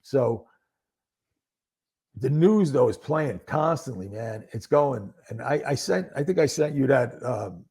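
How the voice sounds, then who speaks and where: A man talking as a podcast guest, telling his story in a casual, animated way and acting out what other people said. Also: medium pitch, a little slow, slightly rough. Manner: casual speech with many fillers. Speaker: podcast guest, former narcotics detective. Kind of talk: conversational storytelling.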